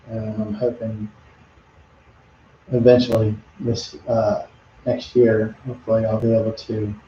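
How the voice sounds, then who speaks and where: Middle-aged male artist, rambling live-stream chatter, mellow voice, roomy dull lo-fi sound. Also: on the low side, slight background noise. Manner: rambling, chatty, talks to viewers between brushstrokes. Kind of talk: casual live-stream chat while painting. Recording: dull lo-fi audio in an echoey room.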